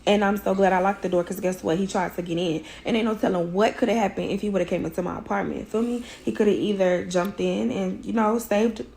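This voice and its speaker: Woman, hoarse worn-out voice, gravelly, mid-pitched, blunt and profane, casual storytelling. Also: steady tone, quick pace, few pauses, darkish tone. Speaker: woman recounting a fight; mother.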